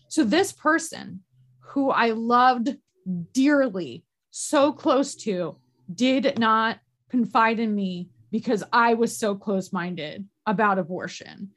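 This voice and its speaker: A woman in a candid podcast conversation, talking earnestly and emotionally, halting with restarts and frequent fillers. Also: on the high side.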